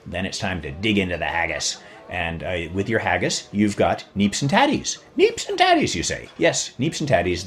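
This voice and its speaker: A man hosting a podcast, explaining and retelling in a casual, jokey way, jumping up in pitch for emphasis. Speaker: podcast host.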